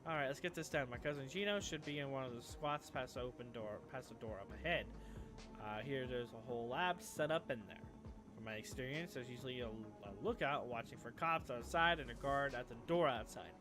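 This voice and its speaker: A man voicing a tough female street fighter in a low, quiet, terse way. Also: fairly quick, music in the background, lightly acted.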